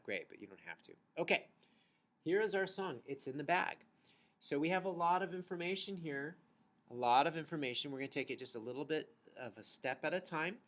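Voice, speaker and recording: Male music teacher, patient and encouraging, mid-pitched, chanting rhythms for the kids to echo. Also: a bit bright. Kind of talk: recorded online music lesson for children.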